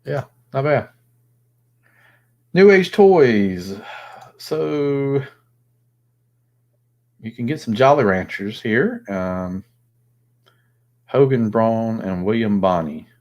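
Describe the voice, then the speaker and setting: A man's voice: medium pitch, animated, extremely slow, long pauses, darkish tone, highs cut off. A man hosting a casual live chat, rambling and thinking aloud with plenty of fillers. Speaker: host.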